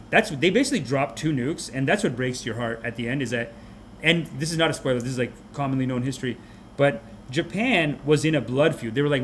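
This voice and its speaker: A man with a somewhat high voice rants through a comic movie review on his podcast. He talks in an animated, mocking way, and a faint hiss sits under the recording. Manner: animated, mocking, puts on quick character voices. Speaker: podcast host.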